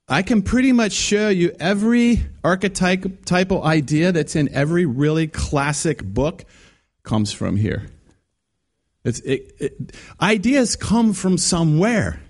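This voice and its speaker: A man's voice: fairly high pitch, darkish tone. A man preaching a conversational sermon, acting out quoted voices with many restarts. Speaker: guest preacher.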